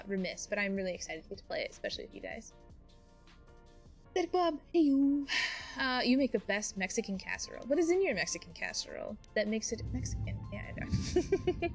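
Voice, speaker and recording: Chatty streamer mom over game music. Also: female voice, mid-range voice, fairly bright tone. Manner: chatty, bubbly, full of fillers and laughs. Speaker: Twitch streamer. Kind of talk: casual chat while playing a video game.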